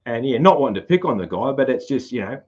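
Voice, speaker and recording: A man's voice: mid-range voice, animated, fast, darkish tone, muffled recording. A man with a broad rural Australian accent hosting a casual podcast chat, rambling with lots of fillers and restarts. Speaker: podcast host.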